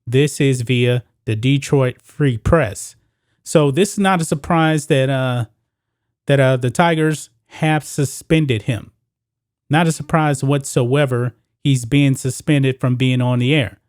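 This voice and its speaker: A man's voice: mid-range voice, takes it slowly, a little mellow, no room sound, studio quality. A man hosting his own sports commentary video, talking straight to viewers and reading news quotes aloud.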